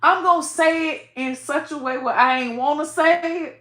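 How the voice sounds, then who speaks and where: A woman talking casually to camera as a vlogger, blunt and profane, often saying "bro" and "y'all", swinging between soft and loud as her feelings run high. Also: moderate pace, echoey room.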